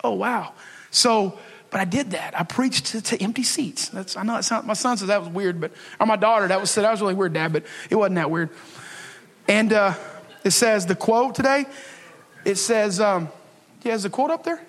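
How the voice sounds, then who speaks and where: A man's voice: high-pitched, moderate pace, fairly bright tone. A man preaching a casual, emphatic sermon as pastor, talking to the congregation and acting out his prayers to God. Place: church sanctuary. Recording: long reverb of a church hall.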